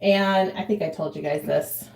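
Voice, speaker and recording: A woman's voice: sits low, moderate pace, gravelly, darkish tone, roomy sound. A woman in her forties chatting casually to a live chat while doing her makeup at home, laughing often. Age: 40s. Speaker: vlogger.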